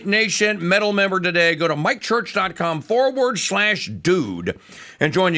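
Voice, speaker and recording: Lively, bright-voiced male radio host. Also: a little high. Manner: animated, chatty, lively plugging. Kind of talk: morning talk radio monologue.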